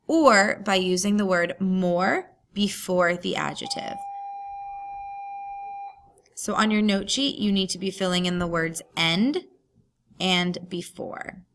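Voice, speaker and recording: A woman's voice: mid-range voice, a bit bright. A woman teacher talking through a recorded grammar lesson, patient and explaining step by step.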